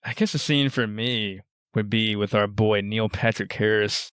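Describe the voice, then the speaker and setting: A man's voice: on the low side, a little slow, fairly bright tone, smooth, no room sound, clean studio sound. A man co-hosting a casual movie review podcast, rambling with many "like"s and giggling as he retells scenes. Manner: rambling, heavy use of "like", giggly. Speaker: podcast co-host.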